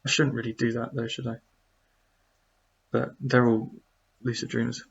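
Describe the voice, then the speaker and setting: A man's voice: medium pitch, flat delivery, normal speed, creaky, muffled recording, slight background noise. A man who speaks, casually answering viewer questions on a live stream, rambling with lots of fillers as he reads the chat.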